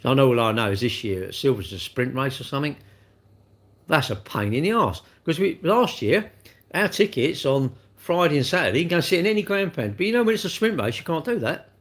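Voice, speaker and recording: A man's voice: a little high, animated, brisk. A middle-aged man, hosting a casual live stream where he reads viewer comments and chats bluntly, rambling with restarts and tag questions. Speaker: livestream host.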